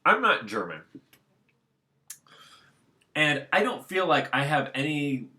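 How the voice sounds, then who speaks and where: A man's voice: mid-range voice, bright, forceful tone. A man talking alone at home in a casual, unscripted monologue, rambling and circling back to his points. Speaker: solo commentator.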